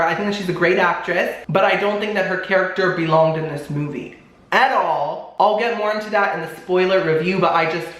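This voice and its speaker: A host giving a casual, talkative movie review vlog, expressive and full of fillers. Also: mid-range voice. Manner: chatty, expressive, lots of fillers like "like". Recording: very echoey room.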